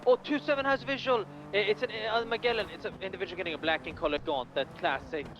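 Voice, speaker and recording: High-voiced man calling police radio codes. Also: fast talker. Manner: reads out directions and radio codes, dry joking. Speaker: police officer player. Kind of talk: police radio call-outs in role-play. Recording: dull audio with loud game traffic.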